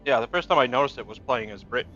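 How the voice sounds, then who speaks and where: A man's voice: medium pitch, expressive, very fast, bright, forceful tone, muffled recording, faint music behind. A man in a casual gaming chat with friends, explaining things at length in a confident, lecturing way. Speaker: gamer chatting with friends. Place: home gaming setup, voice chat.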